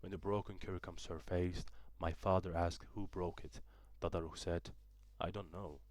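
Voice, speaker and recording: Young man, Turkish native, audiobook narration, deep, dry, careful halting reading. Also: level tone, a little mellow, no echo. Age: young adult. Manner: careful reading with small restarts. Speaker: student narrator.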